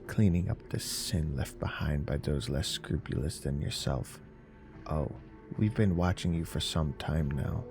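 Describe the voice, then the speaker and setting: A man voicing a sinister, mocking male stranger with a raspy, hissing chain-smoker's voice. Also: extremely low pitch. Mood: menacing. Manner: slow, menacing, mocking. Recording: narration over faint music.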